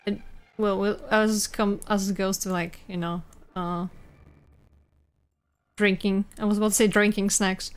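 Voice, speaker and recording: A young adult woman streaming live, chatting casually with viewers in a halting way, full of restarts and little laughs. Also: mid-range voice, level tone, clear, resonant tone.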